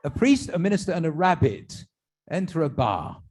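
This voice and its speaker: Male rabbi, stand-up joke teller, fairly high and lively voice, halting delivery with German asides. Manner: animated storyteller slipping into German and Yiddish phrases for characters; halting, restarts and fillers between jokes. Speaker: rabbi telling jokes. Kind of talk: stand-up joke telling at a tribute. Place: synagogue event.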